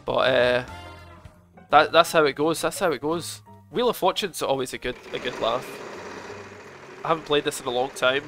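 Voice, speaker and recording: A man's voice: fairly high pitch, normal speed, vocal fry, pauses often, fairly bright tone. Young guy streaming a game, swears a lot, chats with viewers, game music going behind. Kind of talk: casual live gaming commentary.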